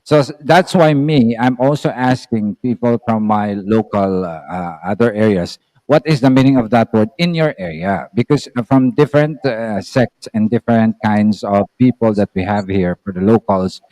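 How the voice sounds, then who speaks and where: A man's voice: fairly low pitch, normal speed, mellow, dry recording, poor audio. A man from the Philippines with a Filipino accent, explaining words in a casual conversation and often repeating himself with many filler words. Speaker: guest explaining Filipino languages.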